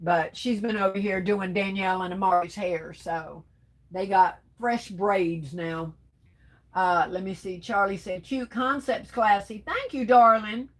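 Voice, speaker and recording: A woman hosting a casual livestream, reading viewer comments aloud in relaxed, colloquial speech and calling viewers "baby doll" and "darling.". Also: medium pitch, unhurried. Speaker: livestream host.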